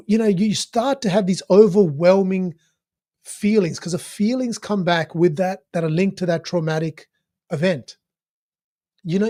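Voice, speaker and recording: A man commentating on an interview clip in a casual, animated way, full of fillers and restarts, swearing now and then. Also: high-pitched. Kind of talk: casual spoken analysis.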